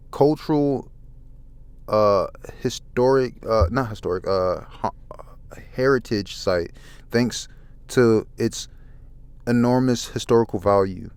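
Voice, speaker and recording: Man, soft-spoken ASMR comic reading, halting, stumbling, very slow, dry close sound. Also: medium pitch, clear, resonant tone, no room sound. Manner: halting, stumbles over words and apologizes. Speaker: ASMR manga reader.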